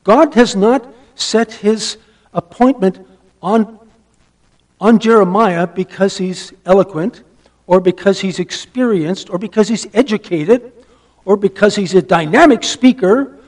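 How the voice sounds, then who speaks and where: A man preaching a sermon, emphatic, asking rhetorical questions and dropping to a hush for stress. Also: sits high, measured pace. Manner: asks the listeners rhetorical questions.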